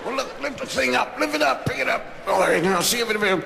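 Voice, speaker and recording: A man doing a high whiny little boy. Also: expressive, vocal fry, heavily acted. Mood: squabbling. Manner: high, pleading, quick excuses and fibbing. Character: whiny young boy squabbling with his brother. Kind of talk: stand-up comedy act-out. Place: live comedy stage before an audience. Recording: echoey 1960s live album with hiss and audience.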